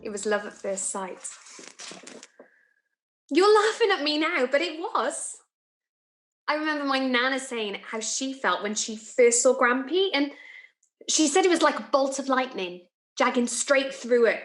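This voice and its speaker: A woman's voice: high voice, expressive, unhurried, pauses often. An actress playing a lovestruck young office woman who chats and giggles through her confession, recorded in an echoey room. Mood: confiding. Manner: chatty, confiding, giggly asides. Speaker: actor in a monologue. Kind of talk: theatrical monologue.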